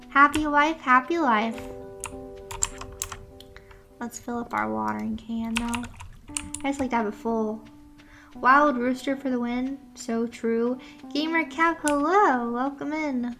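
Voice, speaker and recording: A woman's voice: high voice, takes it slowly, pauses often, sharp tone. A young woman streaming a farming game, chatting playfully with her chat, using gamer slang and sounding sleepy. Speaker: VTuber streamer. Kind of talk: casual gameplay chat. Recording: game music playing behind.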